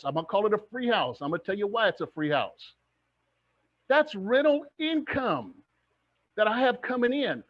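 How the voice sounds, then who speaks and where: A middle-aged man teaching to camera as a coach, energetic and rallying, firing questions at his audience. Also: high-pitched. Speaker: real estate coach. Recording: dull lo-fi recording.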